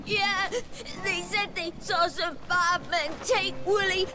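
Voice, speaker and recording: A woman's voice: very high voice, steady tone, takes it slowly. A woman voicing a tearful little village girl in a video game, sulky and whiny as she cries over her lost sheep. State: crying. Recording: game audio with loud music.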